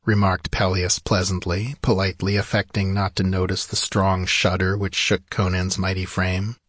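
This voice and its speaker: Husky low male storyteller. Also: no echo, studio quality. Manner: steady, measured storytelling. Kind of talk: scripted narration of a fantasy story.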